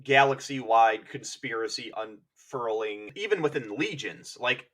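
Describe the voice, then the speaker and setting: A man's voice: mid-range voice, a little slow, fairly bright tone. A man co-hosting a podcast, talking in a rambling, wry way with many restarts. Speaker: podcast co-host. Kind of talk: casual chat.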